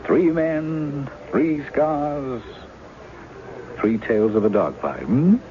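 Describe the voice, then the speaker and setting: A man's voice: mid-range voice, takes it slowly, a little hiss or hum, close to an everyday voice. An actor playing a charming, wry male novelist in his forties who poses as a woman's lost husband, in 1970s radio drama style. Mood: persuasive. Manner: teasing, easy charm. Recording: muffled old radio broadcast with music.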